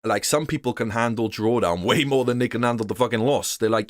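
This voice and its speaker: A trading course instructor teaches day trading in a loose, slangy, profane style, often imitating other traders' voices in casual, unscripted lessons. His medium-pitched voice moves fairly quickly with few pauses. The studio-quality recording is dry.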